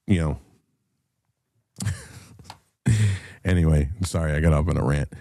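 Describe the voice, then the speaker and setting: A middle-aged man hosting his own show, ranting with heavy swearing, going from low muttering to loud heated bursts. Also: measured pace, no room sound, studio quality. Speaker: podcast host. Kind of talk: profane ranting commentary.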